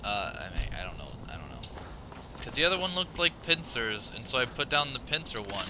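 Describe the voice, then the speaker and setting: A man giving live gameplay commentary, profane and excitable, thinking out loud and yelping at scares, with loud game sound under his voice. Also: medium pitch, a little fast, background noise. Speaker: let's play gamer.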